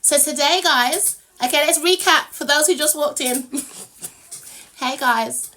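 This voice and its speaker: Hosting her relaxed live stream, the same kind of bubbly British woman laughs a lot and fills the waits by humming. Here her high voice sounds pushed and bright, and she isn't rushing.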